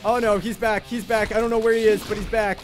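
Very high-voiced excitable young man. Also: fast, soft background music. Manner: excitable, jokey, talks to chat, repeats himself when panicking. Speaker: gaming livestreamer. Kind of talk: excitable live gameplay commentary.

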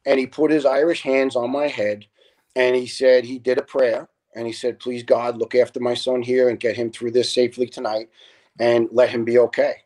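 A middle-aged retired fire lieutenant, a guest in a casual interview, telling stories earnestly and acting out the people in them. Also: male voice, medium pitch, little pitch movement, moderate pace, darkish tone, poor audio. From New York. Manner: earnest storyteller, quotes people in their own voices.

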